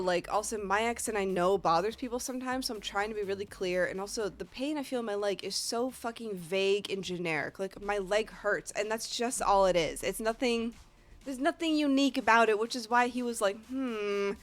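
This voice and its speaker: A woman's voice: mid-range voice, fairly quick. A woman with a Northeast American accent, a streamer telling a rambling, profane story in casual chat. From Northeast United States.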